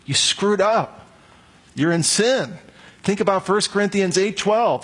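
Male pastor, husky and slightly high-pitched, animated expository preaching. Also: a little slow. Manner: animated expository preaching, acts out quoted voices. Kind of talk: sermon.

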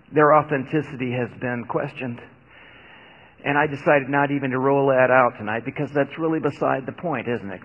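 A man preaching in a relaxed, conversational manner with wry asides. His voice rings through a large hall, and the recording sounds dull and muffled. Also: medium pitch, creaky. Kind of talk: sermon.

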